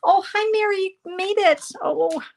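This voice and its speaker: A woman hosting a live card-making demonstration. She chats brightly with viewers and greets them by name while she works. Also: very high voice, measured pace. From Canada. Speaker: craft instructor hosting a live stream.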